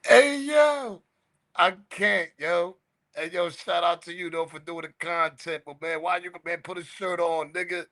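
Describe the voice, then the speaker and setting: A man with a fairly high voice hosts a livestream and reacts to what he sees. He keeps breaking into laughter and shouting the same exclamations again and again. He talks loosely and casually. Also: level tone, normal speed. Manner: breaks into laughter constantly, loud repeated exclamations. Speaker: livestream host.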